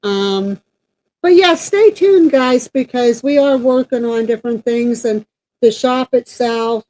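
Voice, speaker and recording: Speaking a bit slowly in a slightly high, mellow voice, a paranormal team member co-hosts the group's channel. She rambles through a casual announcement chat about team news and event plans, filling it with lots of fillers. The recording sounds poor.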